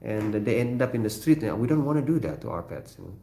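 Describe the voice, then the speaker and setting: A man from Indonesia with an Indonesian accent, hosting a casual livestream from his kitchen, answering viewer comments in a halting way with many fillers and frequent chuckles. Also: lowish voice, sing-song, dark tone, a little hiss or hum. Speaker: livestream host. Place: home kitchen. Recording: roomy echo.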